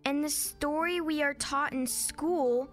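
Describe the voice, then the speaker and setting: A woman playing an anxious young schoolgirl in a small-town audio drama, speaking high and pleading. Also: slow, fairly bright tone, faint music behind. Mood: worried.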